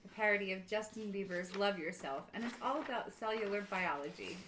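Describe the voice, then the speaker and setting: A woman's voice: mid-range voice, a little fast, a bit bright, slight background noise, rough recording. Upbeat woman chatting on a game stream. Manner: upbeat, chatty, plugs her own work. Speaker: tabletop game player. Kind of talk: casual live-stream chat.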